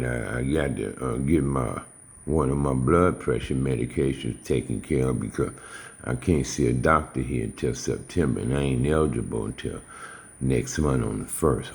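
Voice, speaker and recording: A man's voice: very deep voice, normal speed, gravelly. A man giving a rambling, casual monologue in streetwise slang. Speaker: vlogger. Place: home in suburban Houston.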